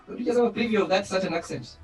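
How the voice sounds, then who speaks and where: A man's voice: sits high, very fast, darkish tone, roomy sound, distant mic, faint music behind. A man moderating an online panel, probing with questions and lots of fillers. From East Africa. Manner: probing, repeats words, many fillers. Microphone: video call.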